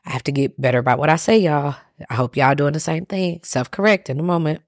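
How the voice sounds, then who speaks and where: A woman's voice: deep voice, quick pace, no echo, clean studio sound. A woman hosting a solo podcast, talking candidly and emotionally straight to her listeners. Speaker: podcast host.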